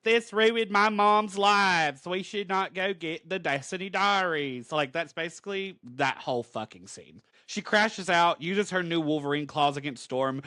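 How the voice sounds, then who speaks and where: A man from the Southern United States, co-hosting a podcast and recapping a comic in a casual, animated way with offhand swearing. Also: on the high side, no echo, studio quality. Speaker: podcast co-host.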